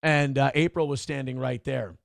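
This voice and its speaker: A man's voice: medium pitch, steady tone, normal speed, vocal fry, dry recording, clean studio sound. A middle-aged man hosting a casual livestream, reading out chat comments and talking candidly in a rambling way, with many restarts.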